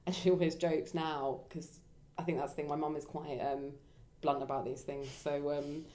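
A young woman, reflecting in casual conversation in a rambling way, jumping up high when she quotes people. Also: little pitch movement, moderate pace, dark tone. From England.

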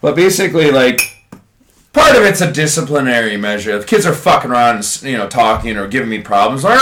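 A man's voice: medium pitch, very animated, a little fast, fairly bright tone. A man who works as an English teacher in Japan, casually telling a profane classroom story on a podcast. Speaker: podcast co-host. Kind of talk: casual chat.

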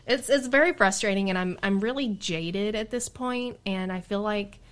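A middle-aged woman, a Bigfoot researcher, telling a story in casual chat, animated and exasperated, laughing now and then. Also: mid-range voice, moderate pace, clear, resonant tone.

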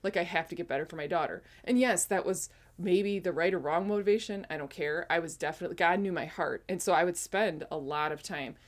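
A woman's voice: on the low side, brisk, few pauses. A woman in her forties telling a casual personal testimony, rambling with frequent self-corrections. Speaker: speaker sharing a spiritual testimony.

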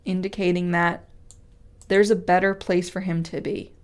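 A woman giving a devotional Bible teaching, earnest and conversational, who repeats key phrases for emphasis and reads scripture slowly and weightily. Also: on the low side, level tone, a little mellow. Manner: reads scripture aloud with slow, weighty delivery. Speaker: speaker teaching a Bible study.

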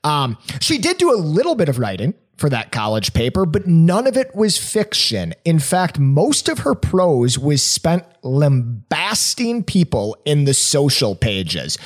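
Podcast co-host, male, quizmaster, animated and jokey, voice sits a touch high. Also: unhurried, few pauses. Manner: playful, laughs through his clues. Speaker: podcast co-host running a quiz game. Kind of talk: casual podcast chat.

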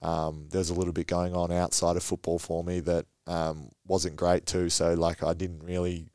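A man's voice: deep voice, level tone, moderate pace, darkish tone, no room sound. A young Australian man, a footballer and podcast guest, telling stories in an easygoing way with frequent laughs. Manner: easygoing storyteller, laughs often, many fillers. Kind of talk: casual podcast chat.

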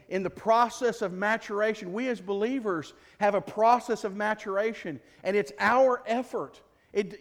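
High-voiced pastor preaching in a hall. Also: male voice, fairly bright tone. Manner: conversational, jokey, full of rhetorical questions. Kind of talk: sermon. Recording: long reverb of a large hall.

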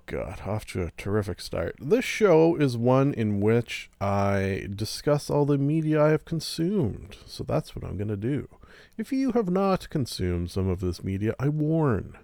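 A man's voice: mid-range voice, vocal fry, warm tone, dry recording. A man hosting a solo podcast, rambling casually with goofy, self-mocking asides. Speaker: podcast host.

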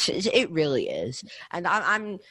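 A man's voice: high-pitched, wildly swooping pitch, slow, sharp tone, dry recording. A young man co-hosting a casual sports podcast, ranting with heat and repeating himself. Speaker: podcast co-host.

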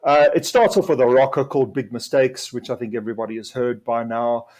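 A man's voice: mid-range voice, steady tone, a little mellow. A man co-hosting a podcast, casually reviewing an album with enthusiasm and a few fillers. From South Africa. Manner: enthusiastic, measured delivery with fillers. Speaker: podcast co-host.

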